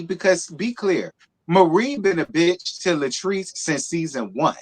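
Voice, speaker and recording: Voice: medium pitch, lively intonation, a little slow. A co-host on a live reality TV review stream, blunt and sassy, throwing shade at the cast. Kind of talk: casual gossip chat on a livestream.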